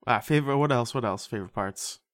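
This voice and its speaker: A man's voice: mid-range voice, fast, fairly bright tone, no echo, clean studio sound. A man co-hosting a casual movie-review podcast, profane and sarcastic, laughing often as he talks. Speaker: podcast co-host.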